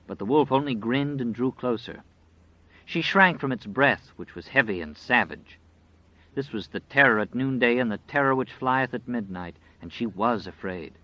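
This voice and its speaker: Male narrator, measured dramatic storytelling, slightly dull dry audio. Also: medium pitch, lively intonation, sharp tone, no room sound.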